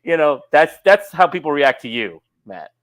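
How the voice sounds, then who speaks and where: Guy co-host ribbing his buddy, voice a bit high and bouncy. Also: sing-song, moderate pace, a bit bright. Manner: teasing, needling. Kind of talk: casual chat.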